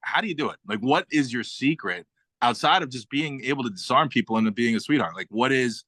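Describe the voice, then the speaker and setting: A man's voice: medium pitch, lively intonation, a little fast, fairly bright tone, no room sound. A man hosting a casual gaming chat, telling stories animatedly, swearing and acting out quotes. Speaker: gaming channel host.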